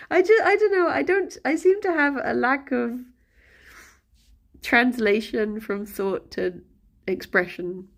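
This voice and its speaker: A woman's voice: on the high side, slow pace. A woman streamer chatting casually on a live stream, rambling and often breaking into laughter.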